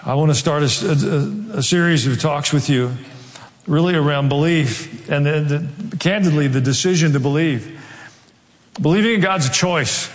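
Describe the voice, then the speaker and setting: Southern pastor preaching in a reverberant hall. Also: male voice, on the high side, moderate pace. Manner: earnest, emphatic preaching with repeated exhortations. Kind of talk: sermon.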